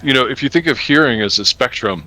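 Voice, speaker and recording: Man, host, casual gaming chat, bright voice, jokey, laughs a lot. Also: medium pitch, animated, fast. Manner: chatty, laughs often, jokey. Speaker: podcast host and co-player.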